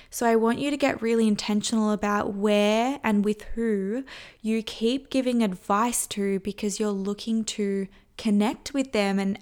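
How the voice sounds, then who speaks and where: A young woman hosting a solo podcast, talking candidly and conversationally, sometimes acting out what people say. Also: medium pitch. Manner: candid, conversational, acts out quoted voices. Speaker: podcast host.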